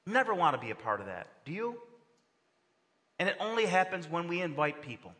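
A man preaching from the pulpit, his voice bright and tense, carrying over a long reverberant tail in a large hall. He delivers the sermon with animation, pitching up sharply whenever he voices the people he quotes. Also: big pitch swings, brisk. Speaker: pastor.

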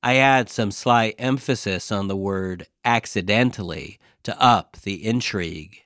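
A man reading his own scripted comic diary as a podcast host, in a deadpan, dryly self-mocking way. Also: fairly low pitch, unhurried, dry recording, studio quality.

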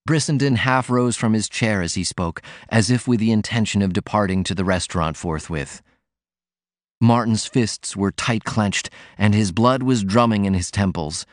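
A man narrating an audiobook in a measured, steady reading voice. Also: fairly low pitch, no echo, clean studio sound.

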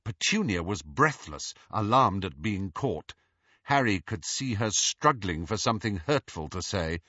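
Husky, expressive male audiobook narrator. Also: on the low side, measured pace, no echo. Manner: expressive, animated reading. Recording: slightly dull, dry recording.

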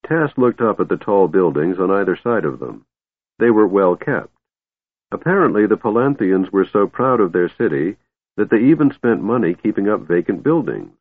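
A man narrating a fantasy story in an expressive storytelling manner, on a dry, tinny phone-like recording. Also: sits low, husky, no room sound. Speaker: audiobook narrator. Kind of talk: scripted narration.

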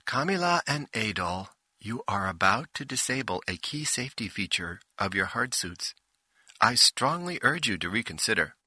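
A man reading an audiobook, voicing a calm, formal starship intelligence in measured tones. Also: fairly low pitch, husky, no room sound, heavily acted.

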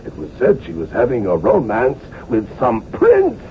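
A man's voice: medium pitch, normal speed, vocal fry. An actor playing a jovial, nostalgic old postmaster and former cavalryman in a radio drama, hearty and chuckling. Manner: hearty, chuckling, lively swoops. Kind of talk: 1970s radio drama acting. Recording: tinny old radio broadcast, faint hiss.

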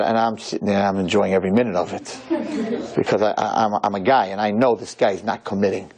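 A man's voice: lowish voice, fast talker. A man, a rabbi, telling a story during a sermon in a synagogue, acting out the voices of the people in it. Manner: animated, acts out quoted voices.

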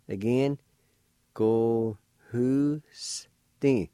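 A man with a low, mellow voice leads a radio language lesson at a very unhurried pace. He spells each word letter by letter and sounds out every syllable with deliberate care. The recording is close and dry. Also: lively intonation, dry recording. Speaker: language teacher.

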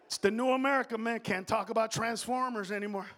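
A male stand-up comedian on stage, brash and profane, jumping between loud rants and low muttering. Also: steady tone, fast talker. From Honduras. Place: comedy stage before a live audience.

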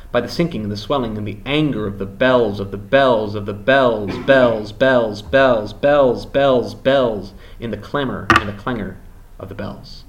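A man teaching a class, reading a poem aloud slowly and softly, then opening a class discussion. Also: lowish voice, a little hiss or hum.

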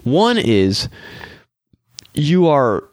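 A young adult man hosting a faith podcast, talking in a casual, animated way and acting out quoted voices. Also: on the high side, drawn-out words, dry recording, studio quality. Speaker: podcast host and minister.

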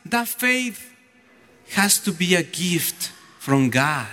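Slow bright-voiced deacon preaching. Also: male voice, sits high, big pitch swings, soft background music. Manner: storytelling, acting out voices. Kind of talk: homily. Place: church. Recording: echoey church hall.

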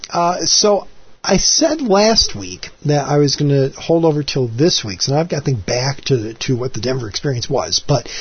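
A man's voice: mid-range voice, breathy edge, highs cut off. A man in his forties hosting his own podcast, chatting alone in a rambling, self-deprecating way with many restarts and asides. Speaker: podcast host. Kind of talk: casual solo podcast monologue.

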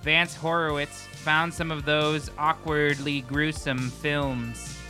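A host delivering a parody public-radio introduction in a measured, deadpan way. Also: medium pitch, music in the background. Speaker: fake radio show host.

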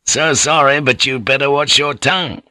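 A man's voice: medium pitch, moderate pace, sharp tone, no room sound, voice pushed up. A man reading an audiobook and voicing a proud, scheming samurai lord who speaks curtly and haughtily. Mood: guarded.

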